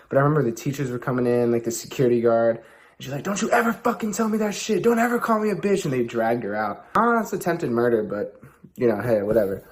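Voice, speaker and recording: A young man hosting, giving loose casual advice with lots of fillers and asides. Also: medium pitch. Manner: loose, rambling, heavy fillers. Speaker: host.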